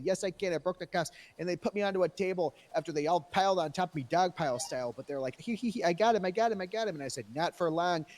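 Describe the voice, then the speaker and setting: A man telling a rambling, profane tall tale in character during a role-play game. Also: on the high side. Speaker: role-playing police character.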